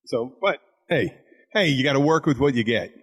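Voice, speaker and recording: A man's voice: mid-range voice, lively intonation, moderate pace. A man hosting a podcast, a bartender telling rambling stories full of crude jokes and restarts. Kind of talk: casual chat.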